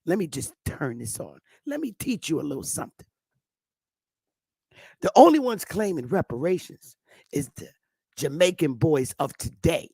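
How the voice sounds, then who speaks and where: A man with a fairly high voice reads a document aloud, then shifts into a taunting, confrontational rant. He sounds dry and close, with no room around him. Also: very animated, normal speed, creaky, breathy edge, no room sound. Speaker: host.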